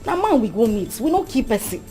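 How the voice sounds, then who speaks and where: A woman's voice: a little high, sing-song, brisk, music in the background. An actress playing a scheming young female student with a Nigerian accent, coaxing and persuasive. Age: young adult. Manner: coaxing, persuasive, mixes Pidgin. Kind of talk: Nollywood-style skit acting.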